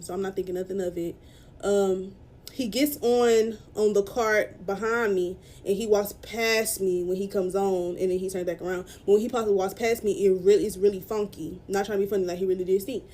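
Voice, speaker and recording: A woman's voice: mid-range voice, steady tone, fairly quick, darkish tone. A young woman from Dallas, upset and close to tears as she tells a story to her phone camera. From Dallas, Texas. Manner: upset, near tears, irritated. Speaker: vlogger telling a story.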